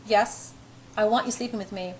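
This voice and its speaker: A woman's voice: mid-range voice, fairly even intonation, moderate pace, a little hiss or hum, close to an everyday voice, poor audio. A woman voicing a brooding, controlling young man, spoken intensely and insistently. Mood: earnest.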